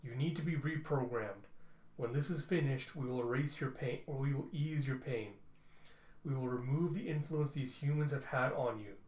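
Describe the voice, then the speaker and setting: A cold, emotionless machine overlord, as a man reads it out in his own middling voice. Its lines come out flat and even, with a roomy echo around them. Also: medium pitch, normal speed, lightly acted.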